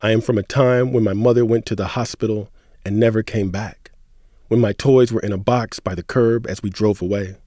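A man's voice: on the low side, fairly even intonation, moderate pace, dark tone, dry recording, studio quality. Man co-hosting radio, earnest reader. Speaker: radio co-host. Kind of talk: radio chat and poetry reading.

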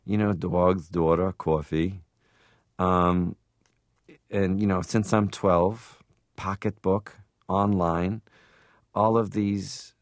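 Low-voiced rambling man from Canada. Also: creaky, no room sound, studio quality. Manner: rambling, animated, stops to laugh. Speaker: guest comedian. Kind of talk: casual interview talk.

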